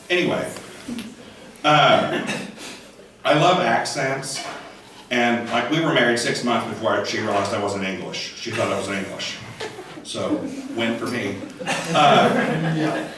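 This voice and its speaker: A hoarse man with a cold doing chatty, self-mocking stand-up comedy on a conference stage. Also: mid-range voice, a little hiss or hum. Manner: chatty, self-mocking, slips into funny voices. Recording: echoey hall from far off.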